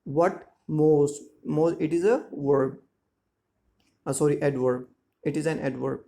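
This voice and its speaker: A man teaching a school lesson, explaining words slowly and checking that students follow. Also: on the high side, creaky, warm tone. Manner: slow, repetitive explaining with frequent check-ins. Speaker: English teacher. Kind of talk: classroom lesson explaining grammar and syllables.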